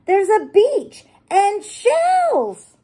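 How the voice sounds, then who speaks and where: A woman voicing Peppa Pig, a cheerful little girl pig, in a high, excited, squealing voice while reading a storybook aloud. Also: drawn-out words, exaggerated voice. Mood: delighted.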